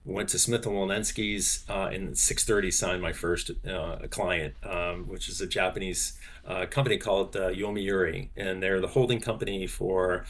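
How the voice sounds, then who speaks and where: A man in his sixties, a sports business executive, telling stories as a podcast guest, animated and full of fillers and restarts. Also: deep voice, moderate pace, hardly any pauses. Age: 60s. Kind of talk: podcast interview, anecdote telling.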